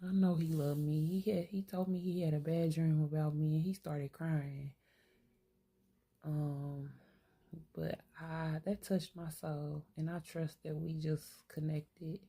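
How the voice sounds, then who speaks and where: An older woman with a low, deep voice, talking straight to camera as she works through her own thoughts. She is blunt and streetwise, curses easily, and sometimes talks to herself aloud. Her speech is candid and unscripted. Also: level tone, slow, mellow, husky. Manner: swears freely. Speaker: vlogger. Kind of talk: candid self-reflective monologue.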